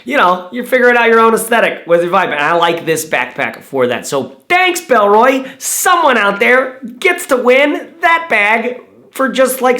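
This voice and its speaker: A man reviewing backpacks in a casual, excitable vlog, rambling with lots of fillers. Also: high voice. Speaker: YouTube bag reviewer. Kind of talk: casual enthusiastic vlog talk.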